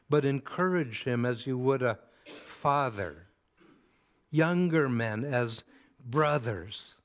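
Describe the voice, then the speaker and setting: Slow, measured male preacher. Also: mid-range voice. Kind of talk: sermon.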